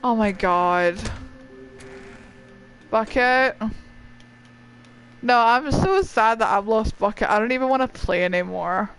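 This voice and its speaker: Slow-talking, excitable let's play gamer. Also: mid-range voice, faint music behind, rough recording. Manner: excitable, swears, cries out in dismay.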